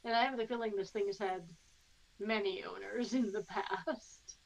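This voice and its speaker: A woman at a tabletop game, with a voice of middling pitch. She reasons her way through each choice. She hedges as she talks, with fillers and restarts. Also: steady tone, moderate pace, vocal fry, a little hiss or hum, poor audio. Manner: thinking aloud, hedging with fillers. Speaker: player. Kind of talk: casual tabletop play.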